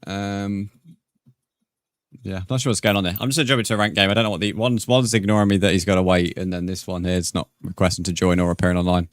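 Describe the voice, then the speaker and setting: A man's voice: deep voice, fairly even intonation, quick pace, smooth, no echo, clean studio sound. A man streaming a game, chatting casually with viewers and calling them "mate". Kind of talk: casual live-stream chat.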